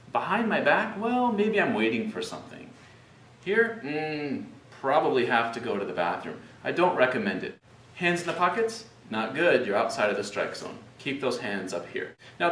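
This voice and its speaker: A man presenting a video lesson on public speaking, demonstrating gestures and vocal pitch as he explains. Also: a bit bright, a little hiss or hum. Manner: demonstrative, shifts pitch for examples. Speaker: presentation skills instructor. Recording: roomy, distant mic, faint ambience.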